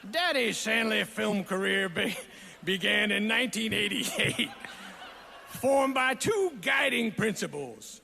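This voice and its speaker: A man delivering a comic acceptance speech in a put-on Southern drawl, shouting out his punchlines. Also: high-pitched, big pitch swings, takes it slowly, creaky, a little hiss or hum, full character voice. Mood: mock boastful. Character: goofy Southern-drawling man, brash and crude. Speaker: award recipient giving a speech.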